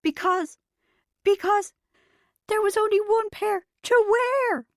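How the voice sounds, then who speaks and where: A woman's voice: very high-pitched, slow pace, no echo, clean studio sound, voice pushed up, heavily acted. A woman voicing a young woman so helpless with laughter that she stammers and gasps through her words. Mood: laughing helplessly.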